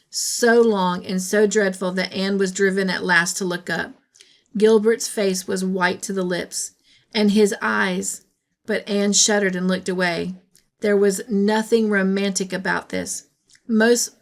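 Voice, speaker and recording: Gentle woman reading a storybook aloud. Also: medium pitch. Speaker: storybook reader. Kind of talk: scripted narration of a classic novel.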